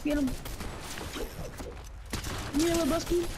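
A woman jokes and brags through a squad match in a high voice. Her talk stays playful and loose. Loud game noise and gunfire play behind her. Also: flat delivery, slow. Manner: playful, boastful, jokey. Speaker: squad teammate. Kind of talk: casual gaming chat.

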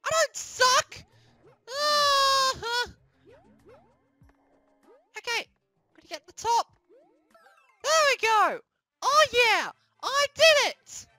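A very high, squeaky young male plush hero who whines and panics at every obstacle, with a bright edge to the tone. The delivery is slow and drawn out, full of yelps and shouts. It sounds dry and close, with faint music underneath. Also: lively intonation, no room sound, heavily acted. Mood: grumbling. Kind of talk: comedic plush puppet gaming skit.

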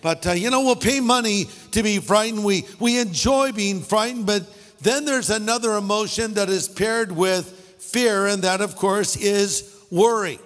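A man's voice: sits high, unhurried, fairly bright tone, big-room sound, soft background music. A middle-aged male pastor preaching a sermon, telling funny stories and making wry asides. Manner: storytelling with jokes and asides. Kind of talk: humorous sermon.

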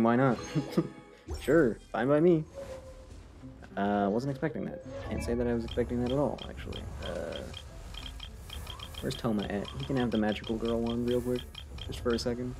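A man's voice: mid-range voice, moderate pace, gravelly, pauses often. Playful male streamer over game music. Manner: playful, self-mocking, talks to game characters. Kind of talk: casual gameplay commentary. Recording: game music playing behind.

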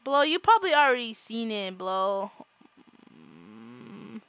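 A playful young woman streams a game in casual, joking chatter. Her voice sits a bit high and rings bright and forceful. The sound is close and dry, with no room around it. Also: animated, slow, gravelly, no room sound. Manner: playful, swings from hushed spy whispers to shrieks. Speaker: gaming streamer. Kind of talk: casual live-stream commentary.

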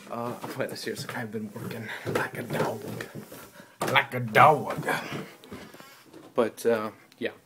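A man's voice: medium pitch, fairly even intonation, takes it slowly, pauses often, noisy background. A man vlogging in a goofy, self-mocking way, recorded in a bathroom. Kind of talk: rambling comic vlog. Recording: echoey bathroom.

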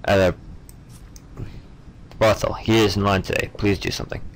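A man's voice: on the low side, little pitch movement, normal speed, poor audio. A young man giving casual gameplay commentary, stumbling over names and muttering offhand asides. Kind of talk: casual let's-play commentary.

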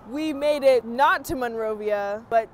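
A woman's voice: fairly high pitch, normal speed, a little hiss or hum. A young woman chatting casually in a vlog, bubbly and giggly, full of "like" fillers. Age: young adult. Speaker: vlogger, college dance team member.

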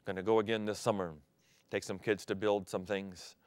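A middle-aged man who grew up in Thailand, preaching a sermon with sudden swings from loud declaring to near-whispers. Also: fairly low pitch, normal speed, no room sound, studio quality. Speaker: pastor.

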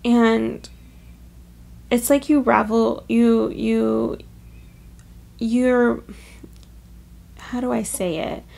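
A woman's voice: fairly high pitch, steady tone, drawn-out words, creaky, long pauses, warm tone. A woman giving a casual pick-a-card tarot reading, chatty and emotional, with lots of filler words. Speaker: tarot reader.

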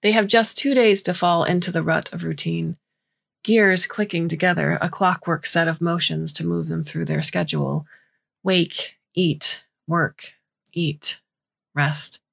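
A woman narrating a short story in a measured, scripted reading. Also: lowish voice, fairly even intonation, creaky, a bit bright.

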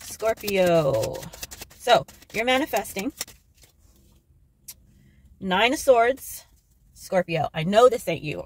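A woman giving a casual tarot card reading to camera, excitable and joking, swearing freely as she talks to her viewers. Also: mid-range voice, measured pace, long pauses, noisy background. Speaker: tarot reader.

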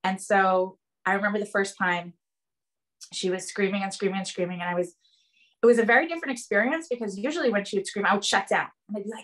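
Bright, earnest woman telling her story. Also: mid-range voice, fast talker. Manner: earnest, animated storytelling with many "like" and "um". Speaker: guest sharing parenting experience. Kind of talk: casual conversation.

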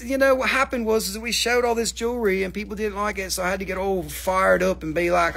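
A man with a notably high voice runs a live crystal sale, jumping from price to price in loose patter. He jokes around constantly and swears freely, rambling as he goes. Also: steady tone, fast, creaky, few pauses, fairly bright tone. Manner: joking, profane, rambling. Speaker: livestream crystal seller.

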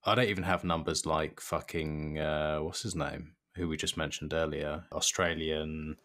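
A man's voice: extremely low pitch, steady tone, normal speed, a bit bright. A man hosting a podcast, talking bluntly and animatedly and swearing freely. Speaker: podcast host. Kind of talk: casual podcast chat.

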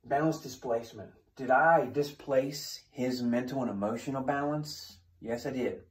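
A man's voice: medium pitch, moderate pace. A male defensive tactics instructor telling a story as a lesson, plain-spoken, asking questions and answering them himself. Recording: echoey room.

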